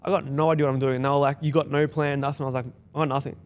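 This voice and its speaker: A man's voice: medium pitch, a little hiss or hum. A young Australian man telling his own story in a casual podcast chat, acting out other people's lines as he goes. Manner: fast, animated storytelling with quoted dialogue. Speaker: guest, business founder.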